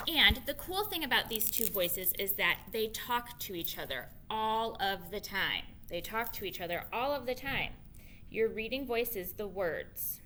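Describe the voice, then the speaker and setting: A woman teacher modeling a reading lesson for young children on her own camera, expressive and patient, repeating key points slowly. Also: medium pitch, a little hiss or hum.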